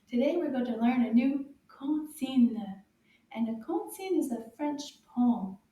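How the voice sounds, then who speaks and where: A woman teaching a beginners' French lesson to children, slow and sing-song with carefully exaggerated enunciation. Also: fairly high pitch, warm tone, heavy reverb, far from the mic.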